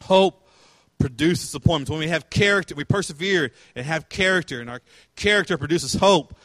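High-voiced pastor preaching casually. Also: male voice, normal speed, a bit bright, dry recording. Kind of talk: sermon.

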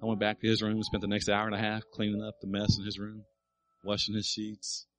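A man's voice: on the low side, completely flat delivery, fairly quick, faint music behind, poor audio. A middle-aged male pastor preaching a sermon, telling a family story and building to emphatic appeals.

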